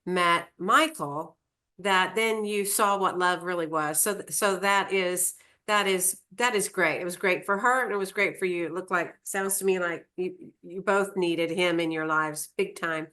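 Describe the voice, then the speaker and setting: Bright, eager woman hosting a chat. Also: fairly low pitch, steady tone, unhurried. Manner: eager, laughs readily, prompts the guest. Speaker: host. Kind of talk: casual interview chat.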